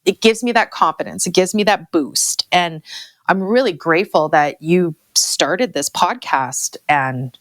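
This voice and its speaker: A woman's voice: lowish voice, a little slow, a bit bright, no room sound, clean studio sound. Candid Canadian woman in her forties. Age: 40s. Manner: emotional, open, repeats herself. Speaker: guest farmer. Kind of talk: candid interview talk.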